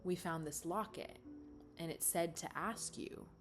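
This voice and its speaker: A woman's voice: on the low side, a little slow, soft background music, close to an everyday voice. A woman voicing a male head knight who speaks politely and steadily, in a bedtime story. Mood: calm.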